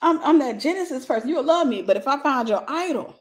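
A middle-aged woman giving a lively, conversational sermon, acting out little scenes and laughing as she teaches. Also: sits high, a little fast. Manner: animated, acts out gossip with voices, laughs. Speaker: Christian teacher.

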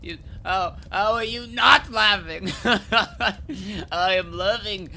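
A man's voice: high-pitched, takes it slowly, vocal fry, bright, forceful tone, full character voice. An actor playing the wizard Merlin in a full cast audio drama, laughing helplessly and gasping through his words. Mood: manic laughter. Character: wizard Merlin, a man gripped by manic laughter at grim secrets.

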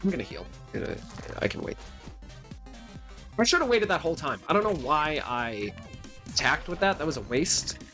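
Guy doing a let's play, slightly high voice, bouncy and jokey, faint game music behind. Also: normal speed, long pauses. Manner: playful, talks to viewers, animated. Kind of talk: gameplay commentary.

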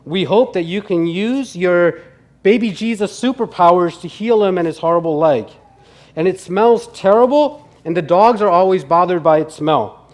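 A pastor voicing a boastful, dim-witted male race car driver who says grace in a loud, drawn-out, earnest way. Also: sits high, close to an everyday voice.

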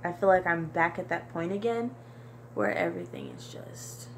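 A young woman vlogger talking to camera in a halting, repetitive, soft-spoken confessional monologue. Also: on the low side, wildly swooping pitch, a little hiss or hum. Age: young adult.

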